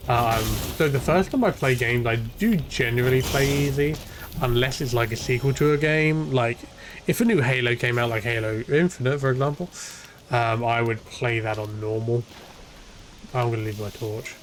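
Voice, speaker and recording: A man's voice: mid-range voice, normal speed, a little hiss or hum. A young man rambling and swearing casually through live gameplay commentary as a streamer. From half Irish, half English. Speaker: game streamer.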